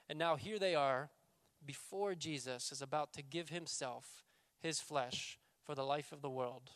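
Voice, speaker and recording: A male pastor preaching a sermon, raising his voice for scripture quotes and dropping low and quiet for emphasis. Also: measured pace, no echo. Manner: reads scripture quotes with raised voice, then drops to quiet emphasis.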